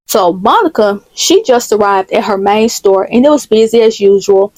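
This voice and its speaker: A woman's voice: medium pitch, lively intonation, moderate pace, few pauses, a little mellow, dry recording, poor audio. A woman storyteller narrating a dramatic story recap in a plain, conversational way.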